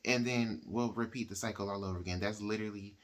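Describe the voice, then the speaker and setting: A man's voice: lowish voice, steady tone, fast. A man casually retelling a novel's plot as a book reviewer, talking in a chatty way and often acting out the characters' lines. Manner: chatty, uses "like" and "she's like" quotes.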